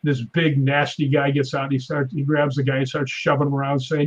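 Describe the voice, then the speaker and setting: Husky man telling animated stories. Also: a little fast, hardly any pauses, highs cut off. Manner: animated storyteller, acts out quotes with raised pitch. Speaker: guest stuntman and paranormal investigator. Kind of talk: casual storytelling on a podcast.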